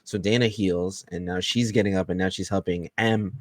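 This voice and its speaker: A man with a very low voice co-hosting a TV recap chat. He sounds relaxed, laughs easily and talks the plot through in a loose, easy way. The recording is dry and close. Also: moderate pace, no echo. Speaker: podcast co-host.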